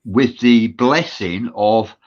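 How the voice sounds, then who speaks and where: A man's voice: mid-range voice, slow pace. London man hosting live chat, earnest and rambling, uh-heavy, muffled lo-fi sound. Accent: London English. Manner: rambling, many filler uhs, earnest. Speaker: show host. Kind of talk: live show chat reading viewer comments.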